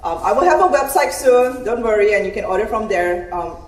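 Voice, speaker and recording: A woman's voice: on the high side, expressive, fairly quick. A woman who makes fresh pasta talks hesitantly at a community event, with many fillers, restarts and little laughs. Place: event room. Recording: echoey room from far off, faint noise.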